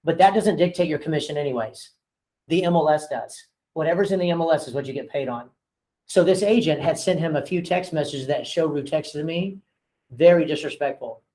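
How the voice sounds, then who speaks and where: This fairly quick, dark-toned voice sits on the high side, and the audio is poor. It belongs to a real estate broker and owner casually training his agents, who shares frank workplace stories and acts out phone conversations with voices, chatting with lots of fillers.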